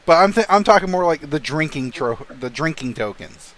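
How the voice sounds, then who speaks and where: A man's voice: on the high side, lively intonation, normal speed, a bit bright. A young adult man narrating a tabletop game as game master, casual and swearing now and then. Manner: casual, swears, laughs often.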